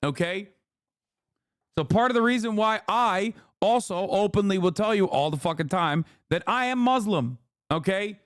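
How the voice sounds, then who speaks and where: Male streamer, heated profane rant, higher voice, dry close mic. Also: expressive, moderate pace, no room sound. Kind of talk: casual reaction rant.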